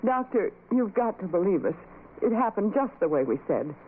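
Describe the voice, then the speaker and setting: An actress playing a frightened young woman in a 1940s radio drama, pleading and quick to snap. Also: medium pitch, sing-song, close to an everyday voice. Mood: anxious. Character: frightened young woman trying to stay brave. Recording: tinny lo-fi old radio recording with hiss.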